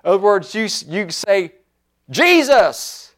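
A man preaching a sermon with fervent, repetitive exhortation, swinging between loud declarations and low, quiet asides. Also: expressive, unhurried.

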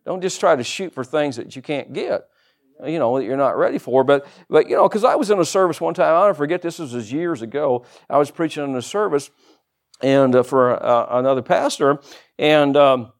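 A man's voice: on the high side, animated, moderate pace. A middle-aged man preaching a sermon as pastor, with humorous asides and rhetorical questions.

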